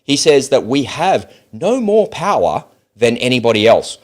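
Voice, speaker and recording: A man's voice: medium pitch, very animated, a little slow. A man with an Australian accent giving blunt, sarcastic, profane commentary on a video clip. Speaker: political commentator.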